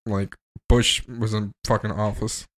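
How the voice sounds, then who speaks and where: A man co-hosting a podcast in casual chat, joking and swearing in an animated way. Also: fairly low pitch, a little slow. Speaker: podcast co-host.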